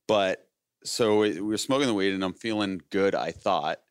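A man's voice: low-pitched, moderate pace, clean tone, no echo, studio quality. A man in his late thirties, a podcast host, telling a long story in casual chat, laughing often and acting out the voices of the people in it. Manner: rambling, laughing, acts out quoted voices.

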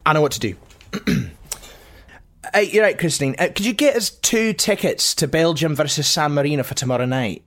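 A man's voice: a little high, lively intonation, normal speed, fairly bright tone. An actor playing a blunt, sarcastic football club man, swearing constantly in a comedy audio drama.

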